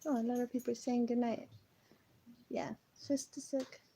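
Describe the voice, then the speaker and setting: Shy young woman from el salvador, pretty high voice, giggly. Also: level tone, moderate pace, gravelly, mellow, slightly rough. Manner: shy, self-conscious, laughs often. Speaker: camera operator and host's wife. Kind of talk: casual livestream chat.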